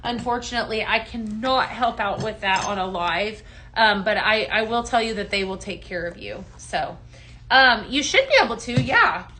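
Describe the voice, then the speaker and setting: A woman hosting a live home-fragrance sales stream, chatting casually, greeting viewers by name and filling pauses with ums. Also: medium pitch, lively intonation, bright, forceful tone, a little hiss or hum. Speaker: live shopping show host.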